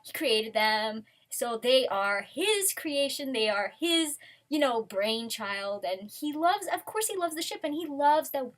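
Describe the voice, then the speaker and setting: High-voiced rambling woman fan vlogger. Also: a little slow. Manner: rambly, excitable, lots of restarts. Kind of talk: casual rambling chat.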